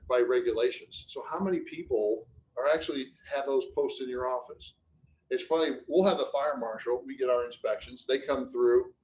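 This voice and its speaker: A man's voice: mid-range voice, a little mellow, rough recording. Casual, chatty male webinar presenter. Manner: conversational, anecdotal, restarts phrases often. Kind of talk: casual business webinar talk.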